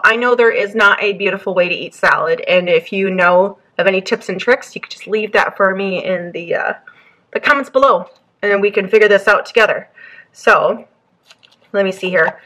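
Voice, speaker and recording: A woman's voice: medium pitch, fairly bright tone. A woman in her thirties chatting casually to the camera about her meals and errands, upbeat and full of fillers. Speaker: lifestyle vlogger. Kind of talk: casual what-I-eat chat to camera. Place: in a parked car.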